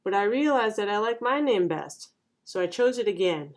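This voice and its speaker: A quiet young schoolgirl, voiced by a woman storyteller speaks softly and gently. Her voice sits in a middle pitch. It suits a children's picture book read aloud. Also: animated, normal speed, natural voice. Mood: earnest. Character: young Korean girl, new at school, quiet.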